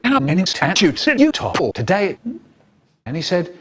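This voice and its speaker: Animated storyteller man. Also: sits high, moderate pace, husky. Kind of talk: comic storytelling, spliced from clips.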